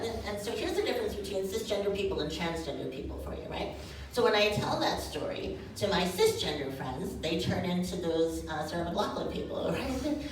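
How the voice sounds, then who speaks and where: Lively woman doing stand-up. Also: medium pitch, normal speed. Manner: animated, chatty, keeps asking "right?". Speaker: stand-up comedian. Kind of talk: stand-up comedy set. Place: comedy stage, live crowd. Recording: very echoey room, distant mic, noisy.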